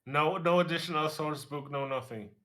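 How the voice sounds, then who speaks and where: A man co-hosting a casual stream chat, with a nasal voice and halting speech full of restarts. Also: sharp tone. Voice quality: nasal, low voice.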